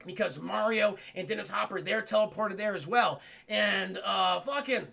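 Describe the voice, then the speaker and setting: A man recapping a film for his stream chat, excitable, swearing constantly and acting out the scenes. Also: sits high, normal speed, gravelly.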